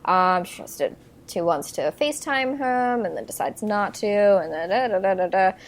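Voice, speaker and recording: A woman's voice: mid-range voice, expressive, moderate pace. A young woman co-hosting a podcast, chatting casually about a movie, laughing often and filling her talk with "like" and "um". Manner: chatty, laughs often, recaps plot with many fillers. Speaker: podcast co-host.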